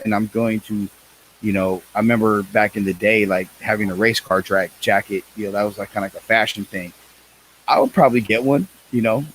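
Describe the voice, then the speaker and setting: A man's voice: on the low side, slight background noise, low-quality recording. A man co-hosting a podcast in casual chat, rambling and slangy, with lots of restarts. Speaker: podcast co-host.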